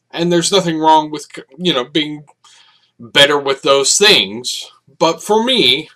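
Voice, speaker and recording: Man, solo podcast host, slow unhurried delivery, bright forward tone, reflective rambling. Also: on the high side. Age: adult, over 30. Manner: rambling, reflective, many fillers and restarts. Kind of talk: casual solo monologue.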